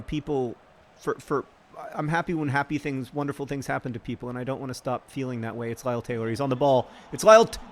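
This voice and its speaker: A man hosting an advice segment while playing a football manager game, rambling and halting when reflective and bursting into loud, frustrated outbursts at the match. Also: medium pitch, slight background noise. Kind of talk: casual commentary over gameplay.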